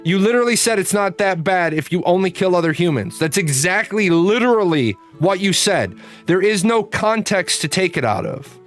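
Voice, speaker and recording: A man's voice: sits high, lively intonation, moderate pace. A man in his forties hosting a live stream, answering chat in a blunt, profane, rambling way. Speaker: streamer host. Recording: faint guitar music behind.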